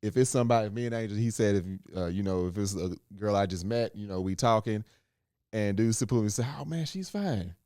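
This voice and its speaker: A man's voice: lowish voice, steady tone, brisk, mellow, clean tone, no room sound, clean studio sound. Laid-back man chatting on a podcast. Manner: laid-back, laughs while acting out quotes. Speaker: podcast co-host. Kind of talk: casual chat.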